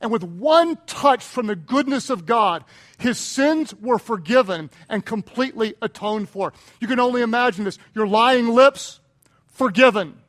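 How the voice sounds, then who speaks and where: A male pastor preaching a sermon with passion, moving between hushed, intimate passages and loud, emphatic repeated phrases. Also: very high-pitched, expressive, normal speed. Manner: repeats phrases for rhetorical punch.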